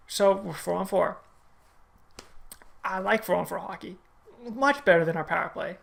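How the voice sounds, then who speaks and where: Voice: mid-range voice, normal speed, creaky, long pauses, fairly bright tone. A hockey fan casually recapping a game in a vlog, retelling the plays one by one with strong opinions. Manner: play-by-play retelling, opinionated and chatty.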